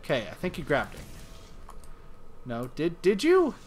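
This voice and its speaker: A man's voice: fairly high pitch, huge pitch swings, a little slow. A man streaming a video game, talking to himself in playful, rambling chat. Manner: playful, rambling self-talk.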